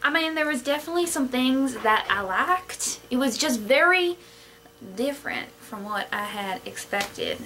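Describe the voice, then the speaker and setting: A woman's voice: high-pitched, lively intonation, a little slow, bright, forceful tone, slight background noise. A young woman giving blunt, playful opinions in a casual chat with a friend. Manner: blunt, playful, drifts into jokey mock accents. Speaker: guest vlogger.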